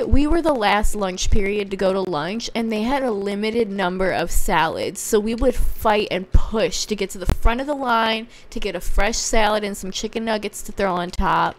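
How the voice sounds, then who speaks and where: A woman's voice: mid-range voice, animated, normal speed, a little hiss or hum. A young woman chatting casually while a friend plays a game, joking and rambling into a handheld mic. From United States. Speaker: co-player guest. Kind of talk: casual gameplay chat. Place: a friend's house.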